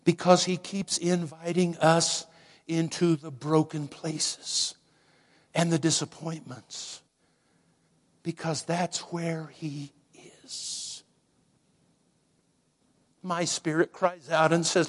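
A man preaching a sermon slowly and dramatically, dropping at times to a hushed near-whisper for emphasis. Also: fairly high pitch, flat delivery. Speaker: pastor.

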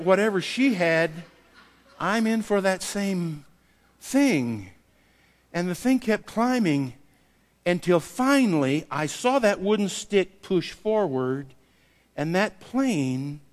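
A man preaching a sermon, telling a personal story and acting out the dialogue with lively variation. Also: high-pitched. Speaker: pastor. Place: church sanctuary. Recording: long hall reverb.

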